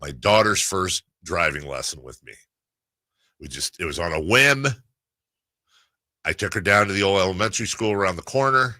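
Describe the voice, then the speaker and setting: Deep-voiced, animated male radio host. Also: moderate pace, long pauses, no room sound. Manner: animated storyteller, puts on voices in quotes. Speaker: radio sports talk host. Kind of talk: casual talk radio chat. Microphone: studio microphone.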